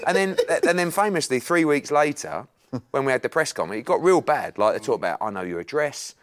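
A boxing promoter in his forties tells anecdotes in casual conversation, animatedly acting out the lines of the people in them. His voice is medium-pitched and he talks fast.

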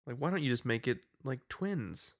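A man's voice: mid-range voice, expressive, moderate pace, no room sound, studio quality. A man co-hosting a casual film podcast, rambling and jokey with lots of fillers. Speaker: podcast co-host. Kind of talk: casual film review chat.

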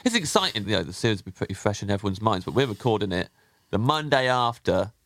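A man's voice: lowish voice, big pitch swings, fast, a bit bright, no room sound. An English man co-hosting a podcast, joking and playful, often repeating his words in casual chat. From England. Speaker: podcast co-host.

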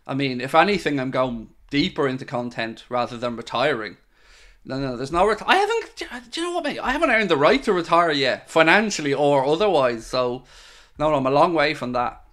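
A man's voice: medium pitch, lively intonation, brisk, fairly bright tone. An Irish man hosting a live stream, answering viewer questions in a frank, chatty way and calling them mate. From Ireland. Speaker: host of a football fan channel.

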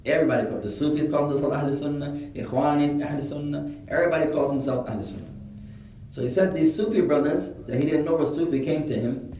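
A man giving a religious lesson, telling a story with lively retellings and Arabic religious phrases woven into his English. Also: on the high side, quick pace, a little hiss or hum. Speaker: religious teacher. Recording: very echoey room from a distant mic.

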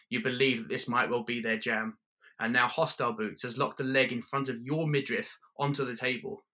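Brief: male storyteller, deadpan and wry, bright, forceful tone. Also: mid-range voice. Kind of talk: second-person comic storytelling.

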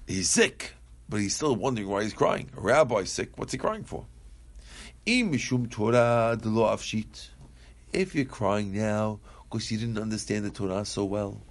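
A man leading a Talmud class in a casual, conversational way. He reads Aramaic lines, translates them into English, asks questions aloud and answers students. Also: on the low side. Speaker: Talmud teacher.

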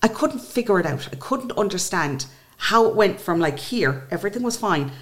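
An Irish woman in her forties, a podcast guest, telling a personal story in an emotional, animated way and acting out what others said. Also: mid-range voice, normal speed.

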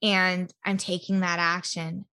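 A woman's voice: lowish voice, level tone, measured pace, sharp tone, clean tone. A woman talking casually and earnestly in a solo podcast monologue, chatty and spiritual, filling her speech with "like". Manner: chatty, heartfelt, spiritual, full of "like" fillers. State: emotional, near tears at times. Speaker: podcast host.

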